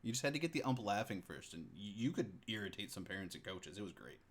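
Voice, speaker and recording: A man's voice: lowish voice, big pitch swings, fast talker. A man co-hosting a podcast, joking about himself in casual chat. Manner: joking, self-mocking. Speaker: podcast co-host.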